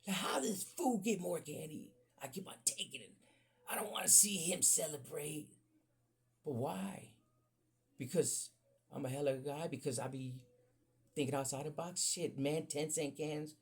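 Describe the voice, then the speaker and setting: A man hosting a podcast, telling a profane, animated story in casual talk that jumps up high when he gets excited. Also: normal speed, slightly rough. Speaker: podcast host.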